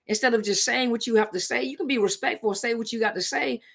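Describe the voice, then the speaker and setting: A woman's voice: on the high side, fast talker, vocal fry, a bit bright. A woman hosting a casual live stream, speaking in a conversational, emphatic way and repeating her points to drive them home. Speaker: live-stream host on relationships.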